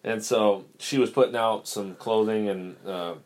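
A man's voice: fairly low pitch, fairly even intonation, measured pace. A man co-hosting a casual podcast, laid-back and slangy. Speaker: podcast co-host. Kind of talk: casual chat.

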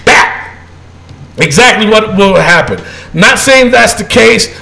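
A man's voice: high voice, expressive, slow, gravelly, sharp tone, rough recording. A man on a podcast, ranting in heated casual chat with lots of profanity and emphatic repetition. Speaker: co-host.

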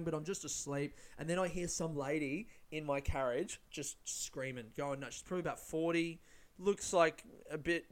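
Rambling young man, smooth voice. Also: on the high side. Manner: rambling, lots of swearing and fillers. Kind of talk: casual storytelling.

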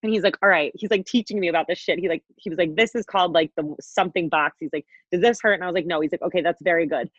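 A woman's voice: on the low side, very fast, hardly any pauses, dry recording. A young woman in her twenties, a podcast co-host, telling a story in casual chat, rambling and swearing with lots of fillers. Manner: rambling, profane, peppered with "like". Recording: dull, dry podcast audio.

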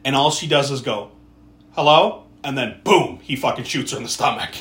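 A man's voice: medium pitch, a little fast, reverberant. A man co-hosting a podcast, casually recapping a film with lots of swearing and acted-out quotes. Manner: animated retelling with acted-out quotes, frequent swearing. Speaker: podcast co-host. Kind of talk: casual movie recap chat.

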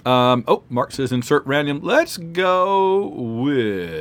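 Eating spicy hot peppers with his mouth full, a man hosting a laid-back sports podcast chats and reads supporter names aloud quickly. His voice is fairly high-pitched and very animated.

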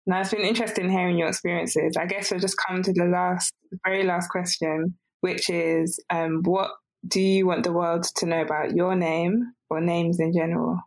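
A woman hosting an interview, her voice sitting low and level with little rise and fall. She asks her questions in a measured, even way. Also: poor audio. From England. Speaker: podcast host. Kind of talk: interviewing a guest.

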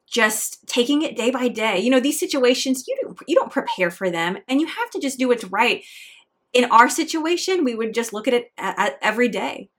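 Pressing on through hard times is the theme as a middle-aged woman talks alone on her own podcast, a solo motivational monologue. Her fairly high, fairly bright voice sounds earnest, encouraging and faith-tinged.

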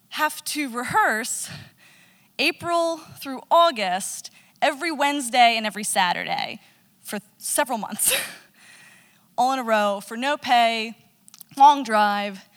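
A young woman telling a funny personal story, animated and self-mocking, laughing at herself as she goes. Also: on the high side. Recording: long reverb.

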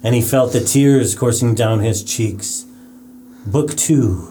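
A man on a podcast reading a novel aloud at a steady, measured pace. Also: mid-range voice, background noise.

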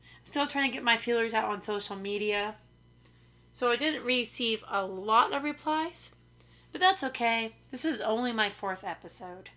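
A young woman hosting her podcast, talking in a hoarse, raspy voice, chatty and self-deprecating, rambling from one point to the next. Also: on the high side, normal speed, pushed and bright. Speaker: podcast host. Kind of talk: casual chat. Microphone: studio microphone.

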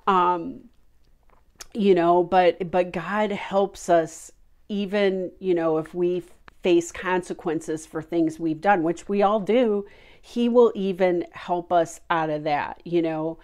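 Slow, low-voiced woman giving earnest devotion. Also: fairly even intonation, a little mellow. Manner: earnest, heartfelt, many fillers. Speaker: Christian devotional speaker. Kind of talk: informal devotional talk.

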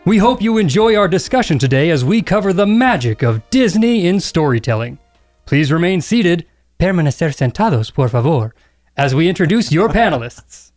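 A man doing an impression of a theme-park announcer, with a grand, formal, slow and stately delivery. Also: on the high side, very animated, a little mellow, soft background music.

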